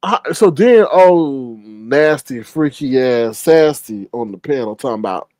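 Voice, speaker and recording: A man hosting a casual gossip commentary, retelling a story with animated exclamations. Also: medium pitch, unhurried, few pauses, no echo. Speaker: commentary show host.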